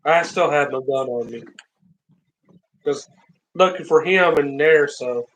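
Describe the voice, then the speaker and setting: A man's voice: a little high, unhurried, a bit bright, a little hiss or hum, rough recording. Rambling man telling a story. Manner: rambling, repeats himself, acts out quoted lines. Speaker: live streamer. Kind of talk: casual storytelling. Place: in a car.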